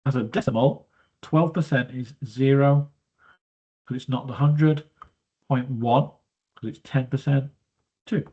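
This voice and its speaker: A husky, slightly breathy man walks through a maths exam question in a chatty, step-by-step way, thinking aloud as he goes. He sounds stuffy from hay fever and breathes through his mouth. The recording is dull and lo-fi. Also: mid-range voice, steady tone, measured pace, pauses often, dark tone. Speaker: maths teacher. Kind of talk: explaining a worked exam question.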